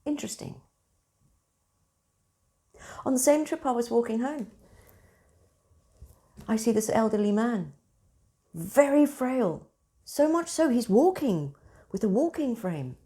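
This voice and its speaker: A woman, hosting and telling everyday stories in a casual, expressive monologue. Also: sits high. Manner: animated, expressive storyteller. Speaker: spiritual centre host.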